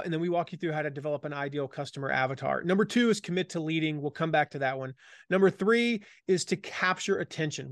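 A man with a slightly higher voice talks with energy and leans hard on his main points, a trace of a Southern American accent still in his words. He speaks as an author guest in an interview. The sound is dry and close, with no room around it. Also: no echo. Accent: slight Southern American, faded by Midwest years. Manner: energetic, emphatic, repeats key phrases. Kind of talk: conversational interview.

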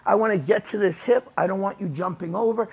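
A man's voice: high-pitched, fairly quick, vocal fry, slightly rough, highs cut off. A man teaching a jiu-jitsu class in a gym, talking through techniques as he demonstrates them, informal and emphatic. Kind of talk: live class instruction. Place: training gym.

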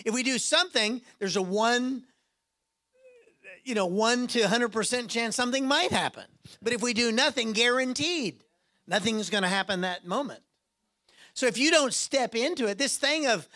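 Animated man preaching a sermon. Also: extremely high pitch. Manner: animated, acts out quoted voices and jokes. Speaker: guest preacher. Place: church.

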